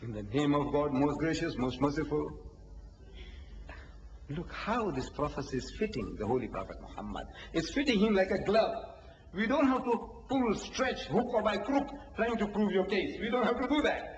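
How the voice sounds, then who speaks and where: Captured on an old, dull lo-fi tape with a faint hiss and a long, echoing hall sound, a preacher with a high voice lectures energetically at a moderate pace. He acts out small exchanges, poses rhetorical questions and frequently laughs.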